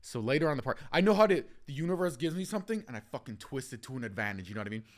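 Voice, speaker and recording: Animated young man telling stories. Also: mid-range voice, racing. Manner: animated, acts out quotes, swears freely. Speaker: podcast host. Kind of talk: casual storytelling chat.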